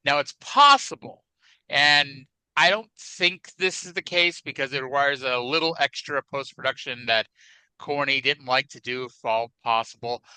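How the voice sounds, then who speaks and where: A man's voice: mid-range voice, moderate pace, sharp tone, clean tone, no echo, low-quality recording. A man co-hosting a wrestling podcast in casual chat, wry and chatty with hedging asides, on a close mic. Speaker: podcast co-host.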